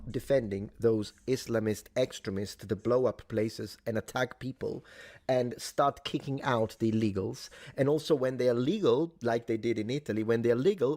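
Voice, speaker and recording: A man's voice: medium pitch, moderate pace, darkish tone, dry recording. A man co-hosting a talk show, reading news passages aloud and adding opinionated, indignant commentary. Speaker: co-host.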